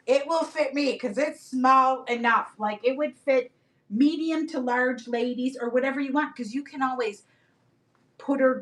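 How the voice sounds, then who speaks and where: A middle-aged woman hosting a live-stream sale. She chats and rambles through stories and greets viewers by name. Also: high-pitched. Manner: animated, rambling storyteller who talks to viewers by name. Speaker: live-stream reseller host. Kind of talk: chatty live-stream selling.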